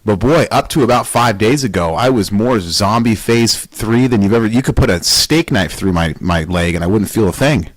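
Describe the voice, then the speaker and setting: A man with a low-pitched voice hosting a weightlifting podcast. He talks in a blunt, emphatic monologue, heavy on rhetorical questions and casual swearing. The recording is dry and close. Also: animated, moderate pace, few pauses, dry recording, rough recording.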